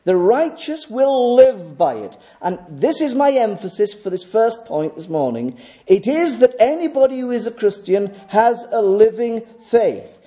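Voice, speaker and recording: A man's voice: high-pitched, very animated, measured pace, mellow. A man preaching a morning sermon at a church service, emphatic, repeating key phrases and asking rhetorical questions.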